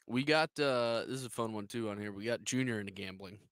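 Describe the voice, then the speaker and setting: A man's voice: on the low side, quick pace, smooth, dry recording, clean studio sound. A man co-hosting a sports radio show, telling stories with energy and acting out what his friends said. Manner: energetic storyteller, acts out friends' lines. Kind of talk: casual on-air storytelling.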